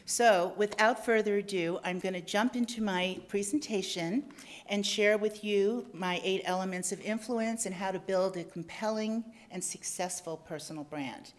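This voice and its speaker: A woman's voice: mid-range voice, normal speed. A middle-aged woman giving an upbeat, effusive talk as a guest speaker at a club lecture venue. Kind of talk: enthusiastic public talk.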